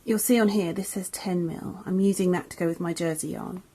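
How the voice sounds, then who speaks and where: A woman's voice: fairly low pitch, fairly even intonation, a little fast, dark tone. A young English woman, a crochet designer, teaching a beginner's tutorial in a chatty, friendly way that often corrects itself as she goes. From England. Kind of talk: casual tutorial.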